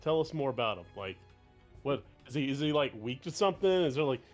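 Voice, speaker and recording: A man's voice: medium pitch, lively intonation, a little fast, soft background music. A man playing a tabletop game, eagerly firing off questions. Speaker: player.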